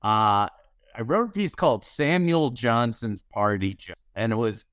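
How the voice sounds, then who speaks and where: A man in his sixties, a comedy writer, shares wry anecdotes in a podcast interview, performing the lines of people in his stories. His medium-pitched voice is smooth and fairly bright, with a measured pace. The studio-quality recording has no room sound.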